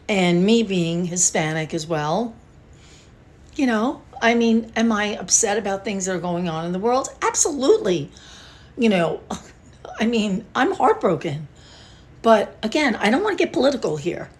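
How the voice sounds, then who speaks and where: An older woman talks to her camera in an unhurried, meandering way, often pausing to sigh or restart a thought. Her voice sits a little low, and she lingers over her words with open emotion. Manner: emotional, rambling, with sighs and restarts. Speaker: beauty vlogger. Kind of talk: casual talk to camera.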